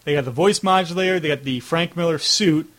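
Young male host, light higher voice, rambling, filler-heavy, acts out reactions, video call. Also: fairly quick, a bit bright. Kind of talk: casual video-call chat.

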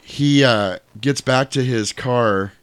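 A man's voice: medium pitch, slow pace, clear, resonant tone, no room sound. A man in casual chat, retelling a movie's plot in a profane, rambling way and correcting himself as he goes.

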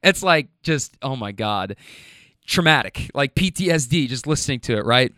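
A man's voice: medium pitch, normal speed, dry recording, clean studio sound. A man hosting a podcast, casually telling a story about his rideshare passengers, laughing often and acting out what they said. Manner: animated, laughs often, acts out other people's lines.

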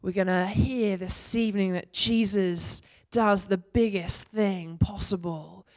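A woman preaching a sermon, reading scripture aloud expressively and lifting her voice for the shouts of praise. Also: medium pitch, fairly even intonation, slow. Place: church.

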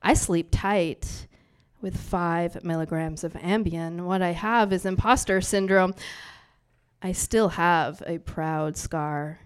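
Woman, spoken-word poet, live bar stage, brash, profane, playful banter, smooth clear voice. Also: on the low side, takes it slowly. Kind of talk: live poetry performance.

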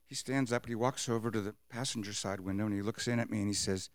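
A man telling a personal story on stage, animated, acting out what people said. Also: on the low side, fast talker, few pauses, dry recording, clean studio sound. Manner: animated, acts out quotes with laughs.

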